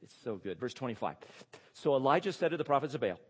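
A man preaching an expository sermon, animated, full of rhetorical questions and chuckling asides. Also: medium pitch, fast, husky. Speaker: pastor or Bible teacher. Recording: long reverb of a large hall.

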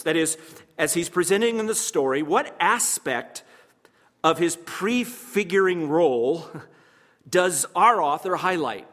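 A man preaching an expository sermon as pastor, swinging between loud emphasis and hushed asides, repeating key phrases and asking rhetorical questions. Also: medium pitch. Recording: long hall reverb.

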